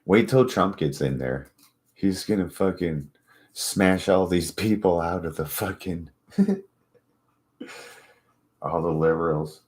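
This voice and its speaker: Casting: very low-voiced man, casual profane ranter, mocks others in retold quotes. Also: takes it slowly, pauses often, a little mellow. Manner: profane, mocking, rambling storytelling. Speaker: channel host. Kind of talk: casual rant to camera.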